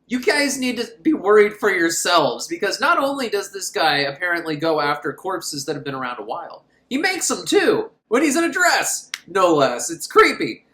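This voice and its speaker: A man's voice: high-pitched, big pitch swings, normal speed, hardly any pauses, sharp tone, roomy sound. A man recapping a horror film in a sarcastic, rambling, mocking way. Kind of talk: comedic movie recap.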